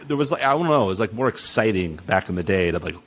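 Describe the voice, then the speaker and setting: A man's voice: on the low side, expressive, quick pace. A man hosting a podcast in casual chat, rambling and crude, laughing often.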